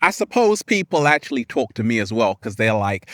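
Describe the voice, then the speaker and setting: A man giving an animated, playful motivational vlog outdoors in nature, laughing often. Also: medium pitch, brisk, no room sound, clean studio sound. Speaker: spiritual vlogger.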